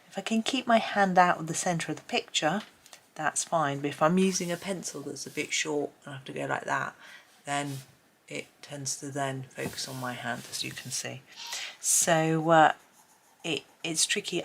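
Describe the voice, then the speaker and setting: A woman's voice: low voice, vocal fry, fairly bright tone. A woman with a mild British accent, chatting in a rambling way as she colours at her desk at home. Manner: rambling, chatty, many ums and restarts. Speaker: colouring channel host. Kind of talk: casual chat while colouring.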